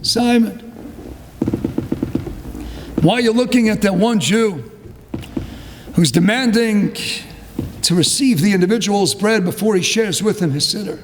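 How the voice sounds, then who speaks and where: Rabbi preaching, very high voice, fervent and swinging between hush and outcry, hall reverb. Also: male voice, a little slow, long pauses, noisy background. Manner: impassioned, swings from low hush to fervent crying-out. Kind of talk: sermon.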